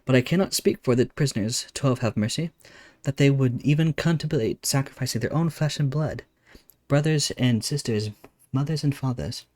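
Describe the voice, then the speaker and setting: A man voicing a formal, earnest young male scholar in a game, with measured, careful speech. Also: medium pitch, darkish tone, natural voice. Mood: urgent.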